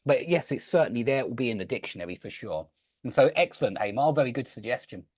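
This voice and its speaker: A chatty male English teacher with a Southeast English accent bordering on RP, swinging his pitch up and down as he explains. He talks over a video call in a dry, close sound, often restarting his sentences. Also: expressive, fast talker, a little mellow, no room sound. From Southend, Essex, England. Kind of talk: online group class talk.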